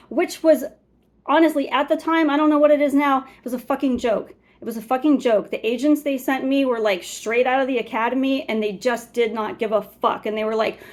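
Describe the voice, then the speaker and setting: An agitated woman in her forties, speaking in a somewhat high voice. She rants to camera with constant swearing. Her anger flares loud, then sinks into weary muttering. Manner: agitated, profane, swings between loud anger and weary murmur. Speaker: vlogger. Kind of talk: ranting to camera.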